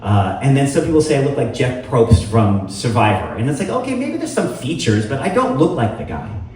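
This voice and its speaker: A man's voice: medium pitch, wildly swooping pitch, normal speed, a little mellow, distant mic. A middle-aged man hosting a live storytelling show, rambling with many fillers and self-deprecating humor. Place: live venue with audience. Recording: echoey room heard from afar, faint noise.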